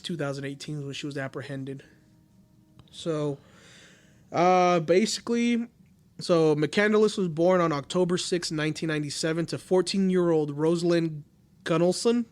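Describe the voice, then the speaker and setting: A man with a high-pitched voice talks through a true-crime case in a loose, joking podcast chat. He swears freely and sounds a bit under the weather. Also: steady tone, moderate pace, a little mellow. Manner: reads case notes loosely, swears, laughs often. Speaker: podcast host.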